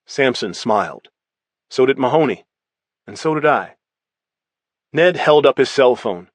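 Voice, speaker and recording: Guy reading a thriller audiobook in first person, even measured voice, dry close sound. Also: medium pitch, no room sound. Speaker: audiobook narrator.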